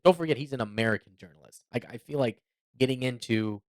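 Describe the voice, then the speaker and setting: An animated man co-hosting a casual podcast, opinionated and quick to laugh. His pitch sits in the ordinary middle. The recording is dry and close. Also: no room sound. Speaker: podcast co-host. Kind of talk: casual chat.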